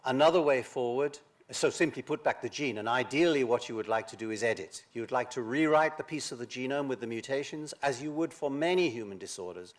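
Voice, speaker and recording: Older guy lecturing, lots of uh and restarts, mid pitch. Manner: halting, with many "uh"s and restarts. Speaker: scientist giving a lecture. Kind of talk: academic lecture.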